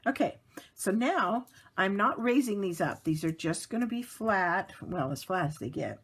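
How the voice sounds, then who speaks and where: Chatty woman demonstrating crafts, lively pitch. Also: normal speed, husky. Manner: chatty, narrates each step, frequent little laughs. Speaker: card-making demonstrator. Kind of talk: casual craft tutorial narration.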